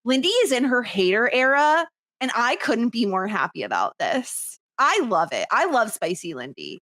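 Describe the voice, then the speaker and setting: A woman's voice: on the high side, moderate pace. A woman co-hosting a podcast, recapping scenes in casual chat with frequent laughter. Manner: animated, laughs often while recapping. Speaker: podcast co-host.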